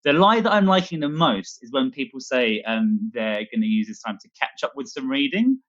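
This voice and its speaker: A man's voice: mid-range voice, expressive, moderate pace, fairly bright tone, lo-fi sound. A man doing a scattered, self-deprecating stand-up set from home, swearing a lot as he talks. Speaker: stand-up comedian. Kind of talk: rambling online stand-up set.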